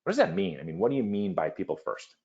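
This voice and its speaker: A man's voice: fairly high pitch, wildly swooping pitch, fast, vocal fry, darkish tone, lo-fi sound. A man hosting a business webinar, speaking in a confident, emphatic salesman manner over a video call. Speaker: webinar host.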